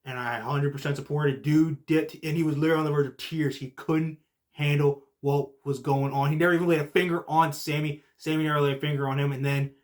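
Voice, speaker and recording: A young man hosting a casual podcast recap, excitable and full of "like" and "literally", swinging from low muttering to shouting. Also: quick pace. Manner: heavy use of filler like "like" and "literally". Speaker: podcast host.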